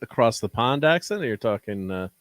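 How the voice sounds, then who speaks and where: Livestream co-host, man with a mid-pitched voice, relaxed and chuckly, dry recording. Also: a little fast, no echo. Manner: easygoing, laughs often, agrees along. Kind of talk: casual chat.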